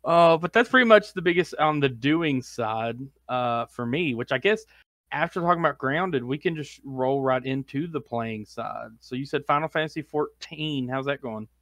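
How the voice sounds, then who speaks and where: A man co-hosting a podcast in casual chat, telling rambling anecdotes full of "like" and quick laughs. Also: medium pitch, animated, fairly bright tone, dry recording, clean studio sound. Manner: rambling anecdotes, heavy use of "like", laughs often. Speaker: podcast co-host.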